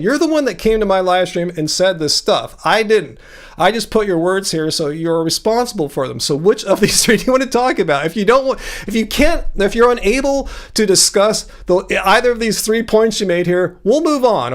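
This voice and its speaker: Male livestream host, fairly high voice, confrontational, demanding answers in a casual debate. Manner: confrontational, pressing a commenter for answers. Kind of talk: casual live-stream debate.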